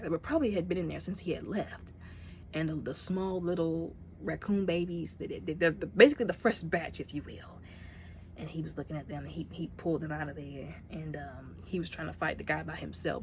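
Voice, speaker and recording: A woman casually reviewing a movie, retelling scenes with lively, acted-out character lines. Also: low-pitched, creaky, slight background noise.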